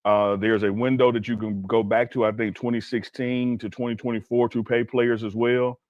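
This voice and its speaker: A man's voice: medium pitch, level tone, moderate pace, a little mellow, no echo. Laid-back man talking sports, slightly muffled. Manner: storytelling, emphatic, laid-back slang. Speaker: co-host. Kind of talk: casual sports talk.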